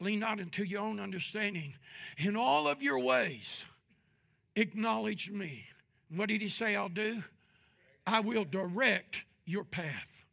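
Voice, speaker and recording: A pastor delivering a sermon, moving between quiet, measured talk and loud, drawn-out shouts. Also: male voice, high-pitched, vocal fry. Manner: drawn-out, emphatic phrasing.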